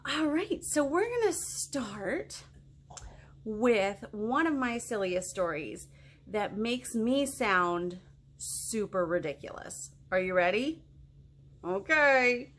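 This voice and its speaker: Animated high-voiced woman reading aloud. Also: takes it slowly, slight background noise. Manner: animated, mock-outraged silly reading. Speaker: children's librarian. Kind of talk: storytime read-aloud. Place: home, kids outside.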